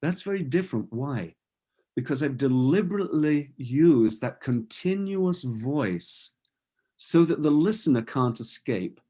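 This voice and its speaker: A man's voice: mid-range voice, lively intonation, unhurried, dark tone. A middle-aged man speaking as a voice coach at an online meeting, explaining with demonstrated phrases and many restarts. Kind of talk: webinar talk.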